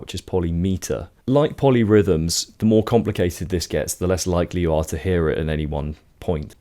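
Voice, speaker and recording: Man, very low voice, casual music lesson, counts beats out loud, faint music underneath. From United Kingdom. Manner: casual, explains step by step, counts beats aloud. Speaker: music teacher. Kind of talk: songwriting lesson with counting aloud. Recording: faint guitar and music behind.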